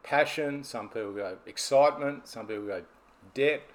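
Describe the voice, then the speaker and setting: A man's voice: mid-range voice, normal speed. A man, a business coach telling stories and explaining ideas in a podcast conversation. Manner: storytelling, explanatory.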